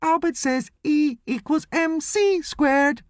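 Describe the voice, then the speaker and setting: A man's voice: sits high, wildly swooping pitch, normal speed, fairly bright tone, no room sound, studio quality, pitched above the performer's own voice, exaggerated voice. A man voicing an irritable middle-aged astronaut who speaks with sarcastic exasperation. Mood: exasperated.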